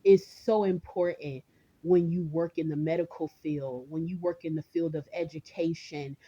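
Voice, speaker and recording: Woman ranting on her vlog, rambly and chatty, kinda low mellow voice. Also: fairly even intonation, moderate pace, breathy edge, dull audio. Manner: rambling, chatty, addresses viewers directly, laughs often. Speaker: vlogger. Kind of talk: casual vlog rant.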